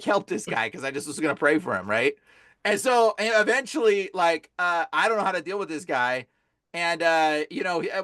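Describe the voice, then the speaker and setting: Male guest, high bright voice, storytelling casually, peppers speech with "bro". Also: no room sound, studio quality. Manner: animated, fillers like "like" and "bro". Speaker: guest, deliverance minister.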